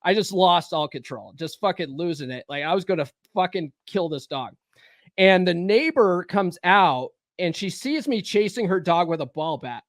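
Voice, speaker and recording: High-voiced, profane podcast host. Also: male voice, animated, normal speed, dry recording, studio quality. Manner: profane storytelling, acts out shouting. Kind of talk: casual podcast chat.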